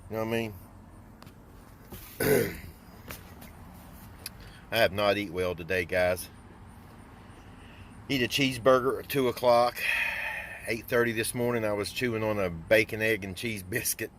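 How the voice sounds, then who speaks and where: A man's voice: lowish voice, steady tone, measured pace, long pauses, a bit bright, slight background noise. An older man who runs a small engine repair and lawn care business, chatting casually and rambling in a folksy way. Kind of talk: casual vlog chat.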